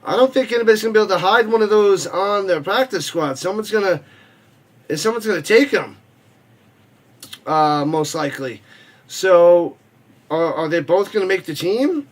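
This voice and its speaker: On a live football watch party stream, a man with a strikingly high voice chats loosely and jokes around. Between rapid play-by-play calls, he reads out comments from viewers.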